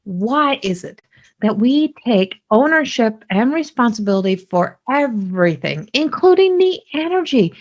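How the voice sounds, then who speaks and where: A middle-aged woman hosting a podcast, talking in a lively, rambling way with many restarts. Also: high-pitched. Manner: animated, talkative, many restarts. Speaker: podcast host; psychic medium. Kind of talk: casual spoken monologue.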